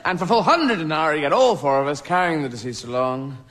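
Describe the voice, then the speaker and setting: Lively English man doing stand-up. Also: on the high side, fast. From Britain. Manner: rambling, playful, voices imaginary characters. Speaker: stand-up comedian. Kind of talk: stand-up comedy set. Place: large theater on stage. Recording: echoey hall with audience noise. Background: audience laughter.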